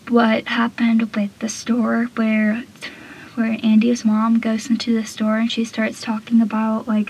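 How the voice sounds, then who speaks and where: Husky-voiced woman recapping a show. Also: a little high, darkish tone, low-quality recording. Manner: retells scenes loosely, heavy use of "like" and "I feel like". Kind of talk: casual episode recap.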